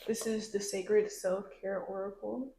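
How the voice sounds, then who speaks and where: A woman's voice: medium pitch, little pitch movement, measured pace, background noise. Chatty woman doing a tarot reading. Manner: chatty, talks to viewers directly. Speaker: tarot reader. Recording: echoey room.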